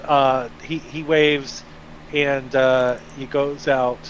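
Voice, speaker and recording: Brief: male game master, slow unhurried narration, frequent ums, dull lo-fi mic. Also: mid-range voice, a little hiss or hum. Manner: relaxed, hesitant, many fillers.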